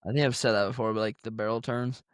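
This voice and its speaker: A man's voice: on the low side, steady tone, fast talker, clean tone, no room sound, studio quality. A young man co-hosting a casual chat from his laptop over a video call, telling stories in a laid-back way, full of fillers. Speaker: co-host. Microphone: laptop mic on a video call.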